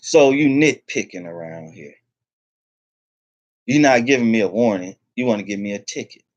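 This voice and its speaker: A man's voice: lowish voice, moderate pace, no echo, dull audio. A man ranting angrily to the camera, swearing heavily and repeating himself. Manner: heated, profane, repeats himself. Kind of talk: angry rant to camera.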